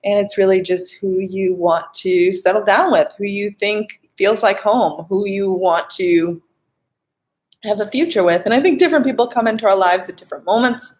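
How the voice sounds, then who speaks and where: A woman's voice: mid-range voice, normal speed, a little mellow. A young adult woman, a life coach, chatting casually on a live stream as she answers viewer questions.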